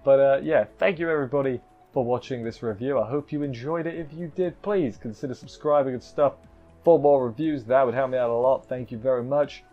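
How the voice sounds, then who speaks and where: A man's voice: medium pitch, dull audio, soft background music. A man casually reviewing an anime episode, rambling with restarts and briefly acting out characters' lines. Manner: chatty, rambling with many restarts and fillers; acts out characters' lines in quick asides.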